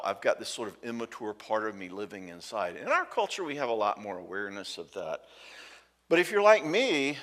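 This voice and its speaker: Lively man speaking in a church hall. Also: medium pitch. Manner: conversational, acts out quoted dialogue, checks in with "okay?". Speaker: marriage conference speaker. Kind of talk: conference talk to a church audience.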